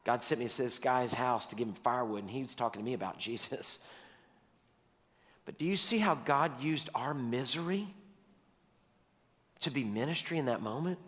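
A man's voice: medium pitch, normal speed, pauses often, fairly bright tone. Man, pastor, sermon, storytelling, repeats key lines, reverberant hall.

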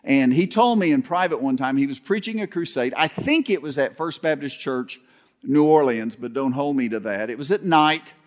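A man who is a pastor, preaching a sermon with folksy storytelling, humor, and some halting restarts. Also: mid-range voice, expressive. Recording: long hall reverb.

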